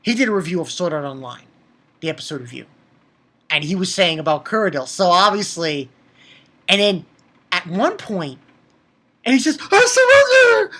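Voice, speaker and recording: A man casually recapping an anime episode in an excitable way, swearing and stumbling over fillers and restarts. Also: on the high side, moderate pace, long pauses.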